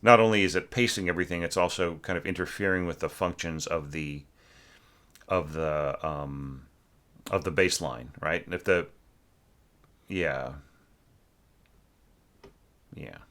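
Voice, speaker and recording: A deep-voiced orchestration teacher, slightly bright in tone, speaks at a measured pace and pauses often. His critique of a student's orchestration is loose and rambling, full of fillers and sung-out musical figures.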